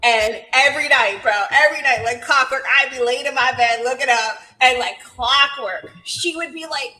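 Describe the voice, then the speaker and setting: A young woman with a bright, forceful voice, a bit higher than most, talks bluntly and jokes as she tells a story. Her chat is loose and casual, with plenty of swearing. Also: normal speed, poor audio.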